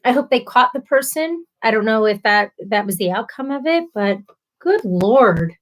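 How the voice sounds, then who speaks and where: A woman's voice: on the high side, lively intonation, moderate pace. A woman hosting a casual live stream, reading viewer comments aloud and answering them with sympathy and playful asides. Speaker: livestream host.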